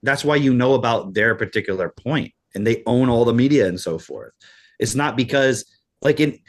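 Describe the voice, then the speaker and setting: A man's voice: mid-range voice, lively intonation, normal speed. A man co-hosting a podcast in casual chat, talking in an emphatic, profane rant. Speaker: podcast co-host.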